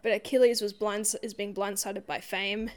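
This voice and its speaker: A woman's voice: medium pitch, flat delivery, normal speed. A woman in a casual book discussion, rambling through a plot retelling with lots of "like".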